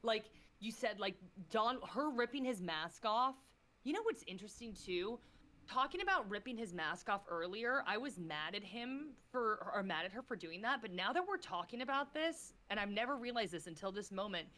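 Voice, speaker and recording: A woman talks at a medium pitch as a podcast guest, gushing and getting emotional as she goes. She swears freely and peppers everything with "like." Her delivery is casual, excitable chat. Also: moderate pace. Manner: effusive, swears freely, fillers of "like".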